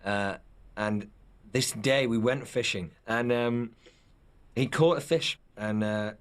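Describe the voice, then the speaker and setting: A man's voice: medium pitch, slow pace. A man actor in a documentary interview, telling anecdotes with some hesitation.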